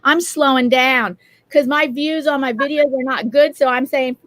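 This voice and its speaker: A talkative woman speaks earnestly with friends on a live stream. Her voice is high, and the sound is dry and close. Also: steady tone, moderate pace, fairly bright tone, no echo, low-quality recording. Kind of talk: casual chat on a live stream.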